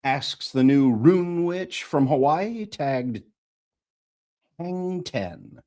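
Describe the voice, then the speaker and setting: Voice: mid-range voice, lively intonation, extremely slow, dark tone. An audiobook narrator reading a comic fantasy story live, retaking and repeating lines, with playful voice acting.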